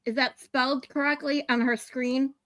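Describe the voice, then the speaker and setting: A woman's voice: high voice, fairly even intonation, moderate pace, a bit bright, no echo. A woman hosting a live stream, chatting casually and laughing as she shows her co-host something on screen. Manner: chatty, laughs often, urges co-host to look.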